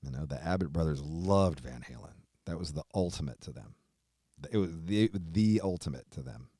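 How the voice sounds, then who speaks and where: Deep-voiced man, close to tears. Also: expressive, normal speed, husky, dry recording. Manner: tearful, heavy swearing, trails off quietly. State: on the verge of tears. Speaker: host. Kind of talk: emotional tribute monologue.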